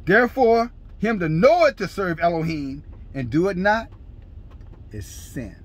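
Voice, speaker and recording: Male preacher, fiery scolding sermon, raised husky voice. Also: high voice, sing-song, a little slow. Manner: scolding, preaching in bursts, shouting scripture. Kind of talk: fiery street-style sermon.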